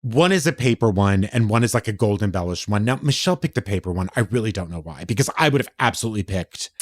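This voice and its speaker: A man co-hosting a podcast, telling a story with a voice that swings widely up and down. He talks in a casual, animated way, gets defensive quickly and swears often. The sound is dry and close, with no room around it. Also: lowish voice, no echo. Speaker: podcast co-host. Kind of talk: casual chat.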